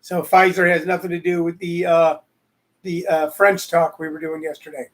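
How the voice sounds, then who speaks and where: A man's voice: a little high, level tone, moderate pace. A man hosting a casual live show, joking and rambling as he answers commenters from the chat. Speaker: show host.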